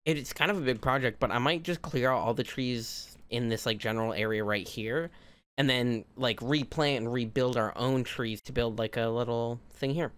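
A young man talking through his game at a desk mic in a middle-range voice, casual and rambling, full of swearing, with sudden high-pitched yelps when something goes wrong. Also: normal speed, a bit bright, clean tone. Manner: profane, rambling, with sudden squealing outbursts. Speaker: gaming video creator. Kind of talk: casual gameplay commentary.

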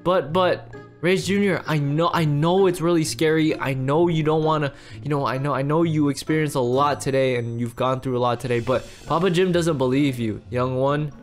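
A man's voice: on the high side, moderate pace, soft background music. A man hosting an improvised game roleplay, playing a fussy father who repeats himself and fusses over his kids. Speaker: roleplay host and lead character.

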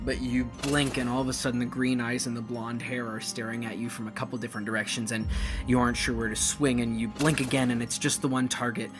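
A man running a tabletop game as game master, narrating vividly with dramatic whispered asides. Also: medium pitch.

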